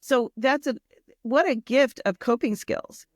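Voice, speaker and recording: A woman's voice: on the high side, unhurried, no echo, studio quality. A woman co-hosting a podcast, speaking in a reflective, affirming way in casual chat. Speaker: nonprofit founder, podcast co-host.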